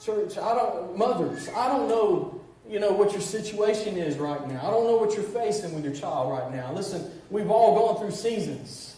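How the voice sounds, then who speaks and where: A man's voice: sits high, expressive, normal speed, dark tone. A middle-aged male pastor preaching a sermon, calling out "church" again and again and often restarting his sentences. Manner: preaching with repeated "church" call-outs and restarts. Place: church sanctuary. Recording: very echoey, distant church recording with faint noise.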